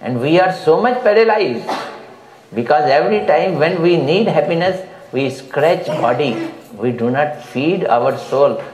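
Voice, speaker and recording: A man giving a devotional sermon in a house, telling a fable in an animated way and often laughing. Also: a little high, unhurried. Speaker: spiritual speaker. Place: room in a private house. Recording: roomy echo, faint background hum.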